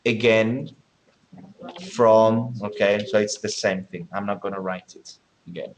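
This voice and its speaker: A man's voice: fairly low pitch, steady tone, measured pace, reverberant, lo-fi sound, a little hiss or hum. A man teaching English in a classroom, explaining things step by step and checking in with many okays. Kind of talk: classroom lesson.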